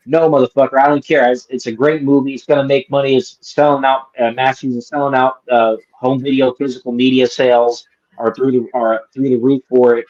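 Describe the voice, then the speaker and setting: A man's voice: mid-range voice, flat delivery, a little fast, darkish tone, highs cut off. A man co-hosting a live movie review stream, ranting in an angry, insulting, emphatic way. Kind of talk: casual profane rant.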